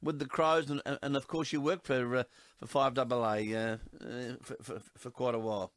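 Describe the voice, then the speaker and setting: A man, a veteran radio sports host who talks in a halting way with many restarts. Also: medium pitch, fairly even intonation, a bit bright, dry recording, studio quality. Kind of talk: live radio chat.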